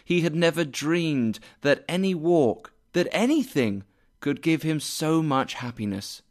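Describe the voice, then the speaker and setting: A man reading a simplified classic story aloud as narrator, slow and measured. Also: on the high side, animated.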